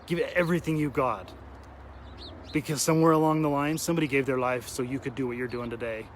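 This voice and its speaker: A man's voice: medium pitch, fast, a little hiss or hum. A man talking earnestly to his viewers outdoors, emotional and tearful at times. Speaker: vlogger addressing his audience. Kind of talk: heartfelt outdoor vlog talk. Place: outdoors at a cemetery.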